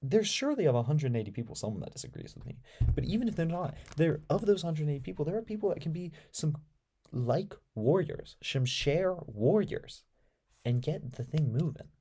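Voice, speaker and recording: A man's voice: fairly high pitch, big pitch swings, brisk, mellow, husky. A young man with an American accent, hosting a casual live stream and answering viewer comments with dry sarcasm. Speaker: live-stream debate host.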